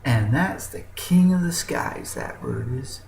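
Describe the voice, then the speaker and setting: A man's voice: mid-range voice, expressive, slow, gravelly, darkish tone, echoey room, a little hiss or hum. A man voicing a folksy, mocking male chicken with a drawling, countrified way of talking. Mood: drawling, boastful.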